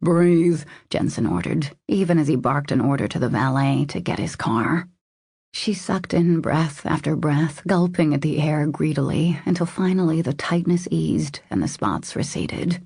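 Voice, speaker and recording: A woman narrating a romance audiobook in a steady, measured reading style. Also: deep voice, vocal fry, breathy edge, no room sound, studio quality. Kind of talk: scripted narration.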